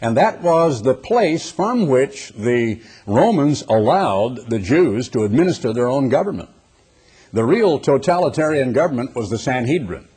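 Man, preacher, husky voice, emphatic sermon, rhetorical questions, middle pitch. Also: sing-song, moderate pace, a little mellow. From United States.

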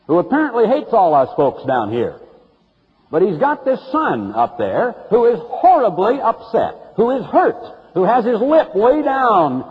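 A man preaching an emphatic, sarcastic broadcast sermon, recorded on a dull lo-fi tape with long reverb. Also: husky. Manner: emphatic, sarcastic preaching with sharp pitch swings.

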